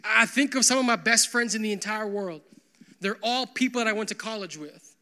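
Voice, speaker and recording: A young male pastor with a bright voice that sits high for a man preaches a loose, conversational sermon. He's animated, fills it with "like," and keeps tossing quick asides to the church.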